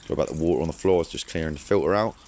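A man's voice: rumbling low, rapid-fire, darkish tone, slight background noise. Blunt man ranting casually. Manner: blunt and opinionated, with slang. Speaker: carp fishing vlogger. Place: at home, then outdoors by a garden pond.

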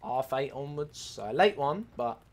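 This young gaming streamer has a mid-range voice at normal speed, with gunfire from the game behind him. Swearing freely and getting worked up, he chats casually about his play and addresses viewers as his boys and mates.

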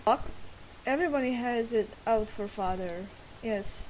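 A woman's voice: a little high, a little slow, a little hiss or hum, poor audio. A teenage girl casually commenting on a spooky game she plays, with joking asides and read-out dialogue. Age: teens. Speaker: let's play gamer. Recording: game music playing loudly underneath.

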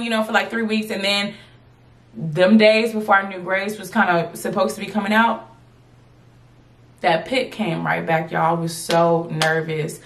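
A woman in her late twenties telling a storytime vlog to her viewers, in a lively, chatty way that keeps calling out to them. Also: medium pitch, measured pace. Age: 20s. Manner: animated, chatty, addresses viewers as y'all. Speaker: vlogger.

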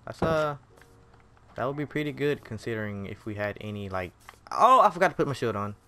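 A man's voice: medium pitch, animated, fairly quick, pushed and bright. A man giving casual commentary over his own gameplay, jumpy and exclaiming, talking straight to the game. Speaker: gaming video creator. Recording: game music playing behind voice.

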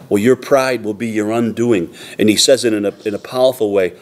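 A pastor preaching a sermon in a church, earnest and emphatic, repeating phrases for weight. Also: male voice, lowish voice, steady tone, fairly quick, few pauses, a little mellow. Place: church sanctuary.

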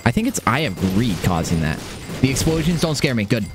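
A young man streaming a video game, swearing, repeating himself and swinging from high yelps to low mutters. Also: big pitch swings, brisk. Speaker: gaming streamer. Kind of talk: live gameplay commentary. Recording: game music behind.

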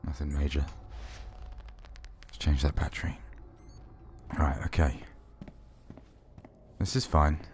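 A man giving wry, sarcastic let's-play commentary while playing a horror game, swearing often and yelling when startled. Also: rumbling low, flat delivery, takes it slowly, long pauses, a little hiss or hum. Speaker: gaming video host.

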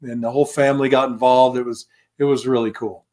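A man's voice: mid-range voice, steady tone, fast, a little mellow. A man in his fifties, a former pro football lineman, telling stories as a guest in a casual interview, acting out quoted voices and laughing often.

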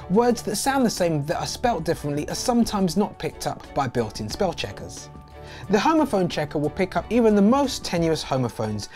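A man's voice: a little high, darkish tone. A man hosting and explaining in an upbeat tutorial voice-over. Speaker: host.

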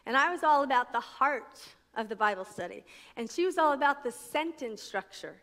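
Woman from new jersey, middle-aged, high voice, lively storyteller, echoey conference hall. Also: moderate pace. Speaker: conference speaker. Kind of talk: personal testimony talk.

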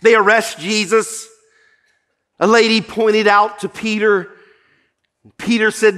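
Male pastor, slow earnest sermon delivery, high bright voice, stumbles into restarts. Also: little pitch movement. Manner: earnest storytelling, with repeated false starts.

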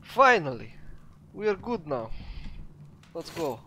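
A man with a Russian accent giving chatty, excitable let's play commentary to his viewers. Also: on the high side, takes it slowly, a little hiss or hum. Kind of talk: gameplay commentary.

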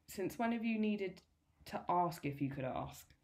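A woman reading aloud the lines of a gentle, loving mother in a story, reassuring and calm. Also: mid-range voice, measured pace.

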